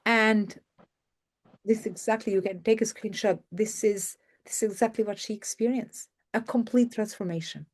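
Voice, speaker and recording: With a mid-range voice, fairly even intonation and a moderate pace, a masterclass host and media coach shares success stories over a video call. She's enthusiastic and repeats words to drive points home.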